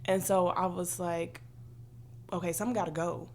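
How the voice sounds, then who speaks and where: Animated woman telling a story. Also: on the low side, moderate pace, slight background noise. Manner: animated storyteller, acts out quoted voices. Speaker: podcast co-host. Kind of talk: casual chat.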